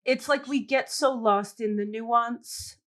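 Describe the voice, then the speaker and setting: Bright-voiced woman ranting on a podcast. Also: a little high, slow pace. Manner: animated, profane ranting. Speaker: podcast co-host. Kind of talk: casual chat.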